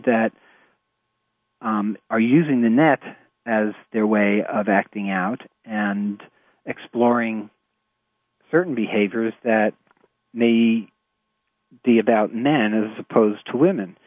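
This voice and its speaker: Man, New York accent, therapist, measured and hesitant, dry close sound, lo-fi radio. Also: on the low side, steady tone, no room sound. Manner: measured, hesitant with frequent fillers. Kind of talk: explanatory radio talk. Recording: tinny phone-like radio audio.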